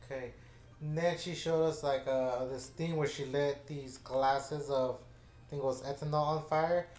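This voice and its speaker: A man's voice: mid-range voice, steady tone, normal speed, darkish tone. A man tells a story in a loose, rambling way, stopping and restarting often. His voice sits in the middle range. The room around him rings with echo. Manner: rambling, with many fillers and restarts. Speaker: gaming channel host. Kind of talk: casual storytelling chat. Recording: echoey room.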